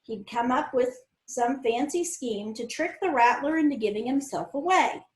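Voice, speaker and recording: Woman reading a story aloud, fairly high voice. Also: lively intonation, normal speed. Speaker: audiobook reader. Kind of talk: first-person novel narration. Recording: roomy echo.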